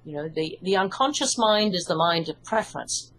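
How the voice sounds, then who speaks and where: A woman with an English accent, an author and hypnotherapist, calmly explaining her ideas in an interview. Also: on the low side, moderate pace, a little hiss or hum, low-quality recording. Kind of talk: interview answers.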